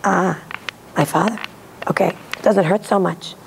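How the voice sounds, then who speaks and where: A woman with a hoarse voice from laryngitis, giving an earnest, animated religious lecture to an audience and acting out bits of dialogue. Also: lowish voice, measured pace, a little hiss or hum, low-quality recording. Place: synagogue hall.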